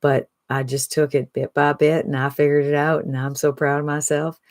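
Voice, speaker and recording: Someone doing a plain-spoken Southern man, earnest, simple kind of guy, Alabama drawl, even pitch. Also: normal speed, no room sound, clean studio sound, natural voice.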